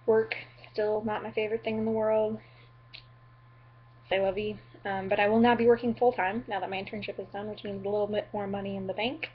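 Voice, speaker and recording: A woman's voice: medium pitch, breathy edge, lo-fi sound. A young woman from the Upper Midwest chatting in a goofy, apologetic, rambling way on her vlog, full of ums and likes. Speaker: vlogger.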